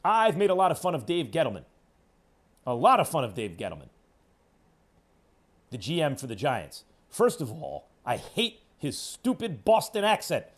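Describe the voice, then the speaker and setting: Man, sports radio host, opinionated monologue, emphatic, hectoring, animated pitch. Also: moderate pace, pauses often. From New York. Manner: emphatic, hectoring, swings between loud and low.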